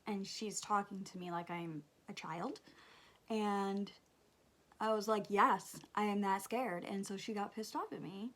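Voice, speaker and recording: A young woman, chatting and telling a story while doing her makeup, animated and swearing casually. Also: medium pitch, a little slow. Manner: animated, swears casually, drops to whispers at times. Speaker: beauty vlogger.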